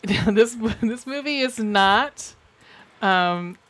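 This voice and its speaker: A woman's voice: medium pitch, expressive, very slow, fairly bright tone. Chatty woman podcast co-host. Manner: chatty, rambling with many fillers and restarts. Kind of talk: casual chat.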